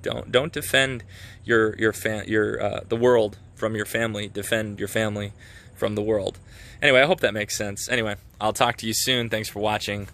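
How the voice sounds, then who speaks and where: A man's voice: on the low side, little pitch movement, normal speed, creaky, a bit bright. A young man talking casually in a devotional vlog, earnest and self-reflective, with lots of fillers and restarts. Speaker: Christian vlogger.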